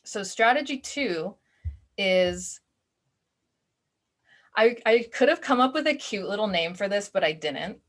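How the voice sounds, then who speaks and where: A woman leads an online self-awareness class in a relaxed, conversational way. She uses casual fillers and slips into short acted-out snippets of her inner voice. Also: mid-range voice, measured pace, long pauses.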